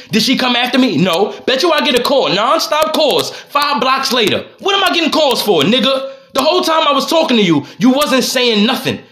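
Heated, high-voiced New man ranting. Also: pushed and bright. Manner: heated, profane, exasperated venting. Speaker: podcast host. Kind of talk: solo ranting monologue. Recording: roomy echo.

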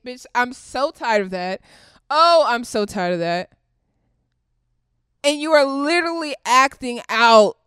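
A woman ranting straight to camera in a blunt, profane, confrontational way, swinging between loud outbursts and low muttering. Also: clear, resonant tone, dry recording, studio quality. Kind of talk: direct-to-camera rant.

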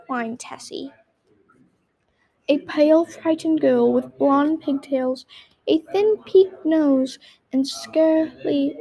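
A woman's voice: high voice, steady tone, unhurried, vocal fry, mellow, low-quality recording. A woman reading a storybook aloud, with small slips and restarts.

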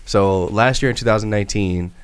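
A man's voice: on the low side, brisk, smooth, dry recording. A man co-hosting a film news podcast, talking casually with frequent restarts and the odd swear word. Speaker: podcast co-host. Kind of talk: casual chat.

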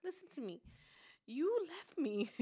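Woman, lively pitch, fairly high, animated storytelling, casual podcast chat. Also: slow pace. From New York. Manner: animated storytelling, acting out others, laughs often. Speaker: podcast co-host.

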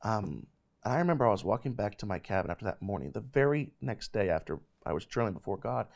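A man in his thirties, host of a ministry show, telling a personal faith testimony in an animated, emphatic way. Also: on the low side, quick pace, creaky. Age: 30s.

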